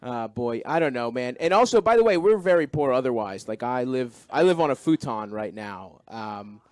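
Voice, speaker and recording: A man's voice: mid-range voice, lively intonation, moderate pace, a little mellow, dry recording. A male stand-up comedian doing rambling, self-deprecating banter and crowd work.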